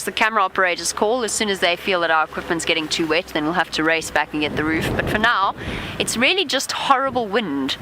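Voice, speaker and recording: A woman presenting a live safari broadcast from an open vehicle, chatting lively and talking softly to animals. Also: on the low side, background noise. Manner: chatty, warm toward animals, lively asides. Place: open safari vehicle outdoors in rain and wind.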